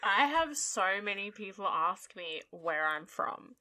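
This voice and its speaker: A woman's voice: mid-range voice, lively intonation, slow pace, pushed and bright. A woman from Australia with an Australian accent, co-hosting a casual podcast and telling stories in a blunt, sweary, sarcastic way. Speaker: podcast co-host. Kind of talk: casual chat, storytelling.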